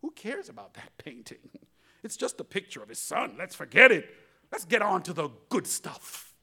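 Preacher doing a loud, demanding collector, pitched well above his own voice, bright and forceful. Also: very animated, normal speed, vocal fry, breathy edge, full character voice. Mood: dismissive. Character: indignant pushy male art collector.

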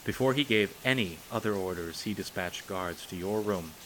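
A man reading aloud and voicing a young princess, a steady older sister who speaks softly and comfortingly. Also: low voice, normal speed, a little hiss or hum, rough recording. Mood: gently comforting. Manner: soft, comforting, coaxing.

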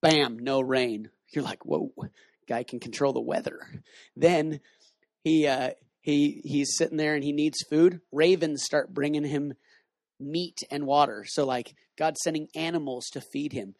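A man teaching a casual sermon, retelling a Bible story in slangy, animated terms and reading scripture aloud. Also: on the high side, unhurried, gravelly, no echo, studio quality. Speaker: missions base director teaching.

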